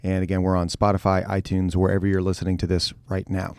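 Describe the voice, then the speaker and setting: Low-voiced pastor explaining leadership ideas. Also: male voice, quick pace, clear, resonant tone, no room sound, studio quality. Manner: relaxed, talks in long explanatory runs with restarts and jokey asides. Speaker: lead pastor, co-host. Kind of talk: casual podcast chat, explaining leadership ideas.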